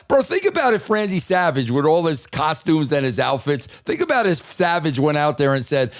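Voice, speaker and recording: A male co-host with a slightly high voice, talking in loose, excitable bursts. He keeps tossing in "bro" and "man" as he jokes with the host. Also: normal speed, few pauses, no room sound, studio quality. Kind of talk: casual show banter.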